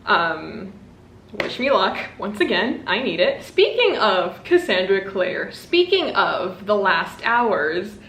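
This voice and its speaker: A woman's voice: mid-range voice, a bit bright, a little hiss or hum. A young woman chatting casually in a book vlog, bubbly and self-mocking with dramatic asides. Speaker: booktuber. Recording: echoey room with faint ambience.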